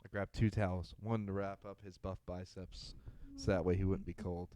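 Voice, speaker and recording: A man's voice: sits low, level tone, moderate pace, warm tone. Laughing, swearing young man telling a story. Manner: laughs through his own story, swears casually. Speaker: podcast co-host. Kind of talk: casual storytelling chat.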